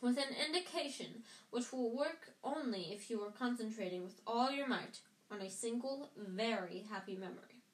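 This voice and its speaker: A woman's voice: fairly high pitch, moderate pace, few pauses, natural voice. A woman voicing a kindly male wizard teacher, explaining patiently in a home reading. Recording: roomy echo.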